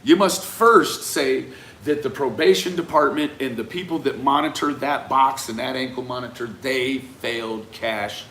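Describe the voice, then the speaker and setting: A man talking through a case in a reflective, conversational monologue, often tagging his points with a questioning "right?" and trailing off into quiet asides. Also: mid-range voice, normal speed, slight background noise. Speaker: commentator on a true-crime case. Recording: roomy echo with faint ambience.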